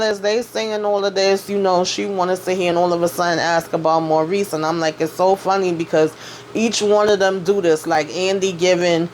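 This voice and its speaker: A woman's voice: fairly low pitch, steady tone, normal speed, a little mellow, slight background noise. A woman doing a casual spoken recap of a TV episode, retelling scenes by quoting the characters in a loose, chatty way with lots of "you know what I'm saying.". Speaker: TV recap vlogger.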